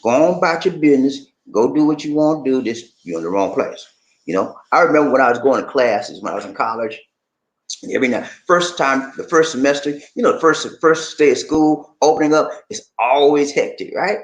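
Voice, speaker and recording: A man from Charleston, South Carolina, hosting his channel and talking casually to viewers. He is animated and repetitive, and often checks in with his listeners. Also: mid-range voice, fairly quick, highs cut off. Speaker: channel host. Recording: roomy echo.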